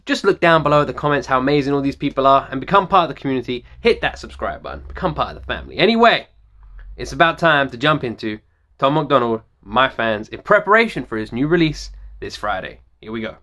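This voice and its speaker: A man hosting a reaction video, talking excitedly, repeating phrases and swearing freely. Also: medium pitch, fast.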